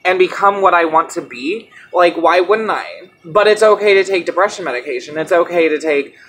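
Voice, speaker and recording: A woman's voice: lowish voice, lively intonation, moderate pace, a bit bright, slight background noise. A young woman vlogging in a candid, defiant rant, blunt and full of swearing, mocking her critics in quoted voices. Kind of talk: candid ranting vlog.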